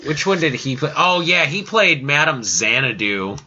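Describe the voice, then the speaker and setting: A man's voice: on the high side, moderate pace, bright, forceful tone, highs cut off. A man co-hosting a podcast, telling profane stories with mocking impressions in casual banter. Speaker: podcast co-host.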